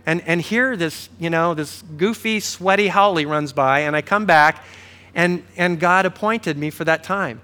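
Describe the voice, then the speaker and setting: Male pastor, high-pitched and bright, conversational sermon delivery. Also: measured pace. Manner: conversational, animated storytelling with quoted dialogue.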